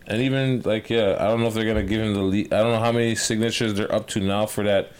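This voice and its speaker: A man chatting casually as a podcast co-host, slangy and animated, dropping into quick voices. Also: lowish voice. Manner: slangy, animated, does quick accent impressions. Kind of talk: casual chat.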